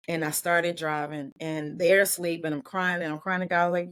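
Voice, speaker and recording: A woman's voice: on the low side, fairly even intonation, dry recording. Emotional woman telling a raw story. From Maryland. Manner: earnest, heartfelt, quick bursts of speech. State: emotional, near tears. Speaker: guest, life and business coach.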